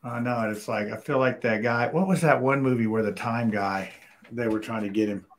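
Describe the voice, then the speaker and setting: A man's voice: medium pitch, normal speed. A man hosting a casual talk show, rambling and joking as he sets things up. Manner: rambling, self-interrupting, jokey. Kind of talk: casual chat.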